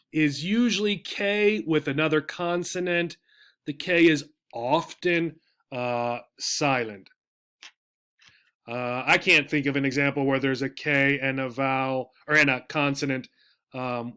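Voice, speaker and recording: A man gives an English pronunciation lesson at an unhurried pace. His voice sits slightly high. He explains patiently, says words twice, and keeps asking "right?". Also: a bit bright, clear, resonant tone. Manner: patient, repeats words slowly, often adds "right?". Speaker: English teacher.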